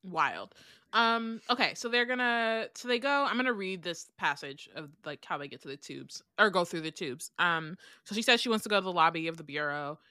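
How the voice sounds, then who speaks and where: A woman's voice: fairly low pitch, animated, moderate pace, pushed and bright, no echo, clean studio sound. A woman co-hosting a book podcast, chatting casually with many fillers and reading passages aloud. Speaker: podcast co-host.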